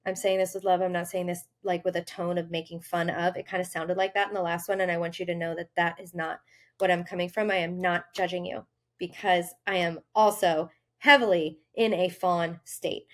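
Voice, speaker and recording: A woman hosting a health podcast, talking earnestly in a casual monologue and acting out inner voices with sudden lifts in pitch. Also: level tone, moderate pace. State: briefly tearful. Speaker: health coach and podcast host.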